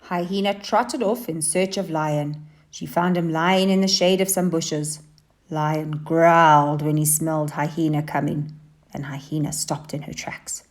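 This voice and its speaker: A woman teacher reading a children's story aloud, with expressive and animated delivery. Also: low voice, a little slow. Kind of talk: storybook narration.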